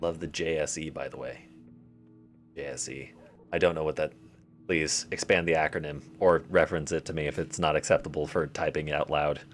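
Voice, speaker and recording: Low-voiced man joking while streaming a game. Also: fairly even intonation, a little fast, soft background music. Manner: rambling, joking to himself and to chat. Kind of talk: casual live-stream commentary.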